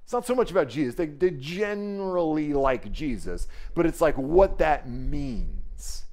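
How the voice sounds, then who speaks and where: A man preaching a sermon in a conversational, animated way, acting out quoted voices. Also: fairly high pitch, measured pace. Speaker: pastor.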